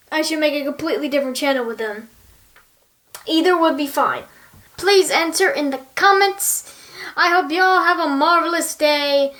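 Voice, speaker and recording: A young woman talking casually and earnestly to her viewers, bubbly and chatty, with quick laughs. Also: sits high, a bit bright. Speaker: YouTuber.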